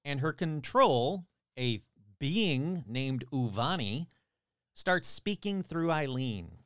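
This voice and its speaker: A man's voice: fairly high pitch, sing-song, slow pace, a bit bright, dry recording, studio quality. A man casually retelling a strange tale, with sarcastic, irreverent asides and the odd swear. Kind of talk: casual storytelling narration.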